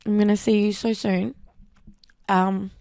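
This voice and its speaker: A woman's voice: medium pitch, level tone, unhurried, vocal fry, dark tone, no echo, clean studio sound. A young Australian woman from Darwin hosting her own podcast, talking in a candid, emotional personal reflection with casual swearing. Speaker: podcast host.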